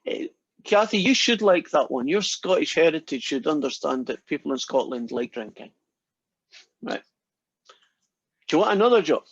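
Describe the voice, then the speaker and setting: A man's voice: fairly high pitch, expressive, moderate pace, pauses often, breathy edge, no room sound. Guy lecturing, chatty, tells jokes, dry muffled recording. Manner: chatty, storytelling, acts out quoted characters. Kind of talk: casual university lecture with jokes.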